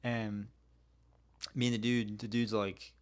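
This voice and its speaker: Rambling guy, lowish voice. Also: level tone, takes it slowly. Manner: rambling, swearing, slangy storytelling. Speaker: podcast host. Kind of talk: casual solo podcast rant.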